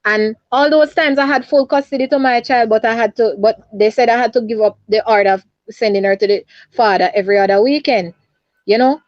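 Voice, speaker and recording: A woman's voice: fairly high pitch, brisk, a little mellow, no echo. A Jamaican woman calling in by phone, recounting events in an urgent, repetitive way. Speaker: caller. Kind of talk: distressed phone interview. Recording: dull lo-fi phone line.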